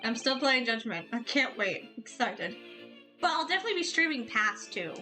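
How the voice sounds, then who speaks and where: Excitable woman game streamer, music behind. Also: a little high, normal speed. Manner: excitable, giggly, swears casually. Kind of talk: casual gaming stream chatter.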